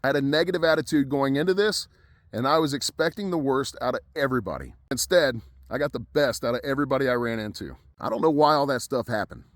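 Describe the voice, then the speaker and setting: A man's voice: medium pitch, animated, fast talker, dry recording. A middle-aged man from Ohio, a welding instructor, telling a personal story in a folksy, conversational way.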